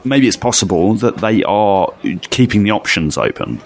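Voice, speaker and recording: A man's voice: on the low side, expressive, normal speed. A man co-hosting a podcast, reading out a listener's question and chatting casually, hesitant with restarts. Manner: hesitant, restarts, reads aloud. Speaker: podcast co-host.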